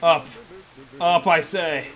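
Over faint background music in a rough recording, a fairly high-voiced man slowly comments on his let's play. His tone is a bit bright, and he groans and mutters at the game as he fails again and again.

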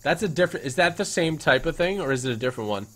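A man's voice: on the high side, very fast. Playful man voicing his gameplay. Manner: playful, hammy, talks to the game creatures in a mock-grand voice; bursts into loud excited shouting. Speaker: gaming YouTuber. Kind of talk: let's-play commentary.

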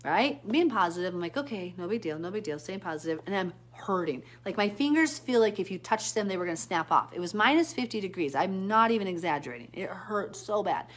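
A woman chatting casually on a live stream, answering comments and telling a rambling, animated story. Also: fairly quick, hardly any pauses. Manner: animated storytelling with sudden pitch jumps. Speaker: Bible teacher hosting a live stream.

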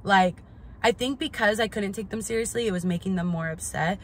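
A woman's voice: mid-range voice, fairly quick, slight background noise. A young woman telling a storytime vlog story in a blunt, profane way, full of "like" and "literally", sounding indignant and incredulous. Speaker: vlogger.

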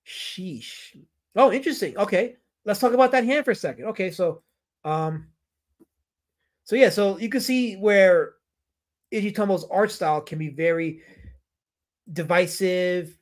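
A man's voice: high voice, expressive, a little slow, long pauses. A man hosting a casual livestream about comic artists, rambling, answering his chat and putting on playful mock outrage.

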